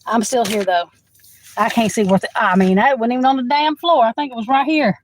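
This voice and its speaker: Chatty, frank woman with a higher voice. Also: brisk, slight background noise, rough recording. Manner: chatty, frank, swears, laughs often, calls the viewer "girl". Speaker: tarot reader. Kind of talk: live tarot reading, casual chat. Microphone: phone.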